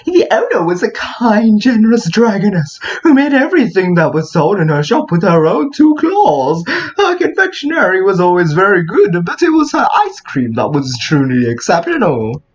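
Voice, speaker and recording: Man voicing a snobby dragon confectioner, fussy connoisseur, high voice, dull lo-fi sound, swings all over. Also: sing-song. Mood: fond. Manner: reads slowly in a raised put-on voice. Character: fussy male dragon ice cream maker, snobbish connoisseur.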